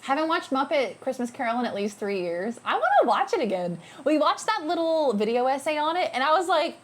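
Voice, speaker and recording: A woman's voice: high voice, big pitch swings, brisk, few pauses. A young woman streaming live, chatting casually and playfully with her viewers and thanking them by name.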